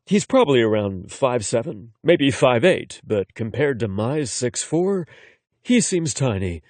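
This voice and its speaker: A man narrating a first-person romance audiobook in an expressive, conversational way. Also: medium pitch, unhurried, no echo.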